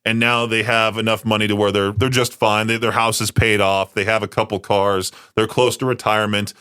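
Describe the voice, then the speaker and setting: Bright-voiced male radio co-host, ranting. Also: on the low side, brisk, clean tone. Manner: animated ranting, acts out quoted voices. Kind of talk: casual chat.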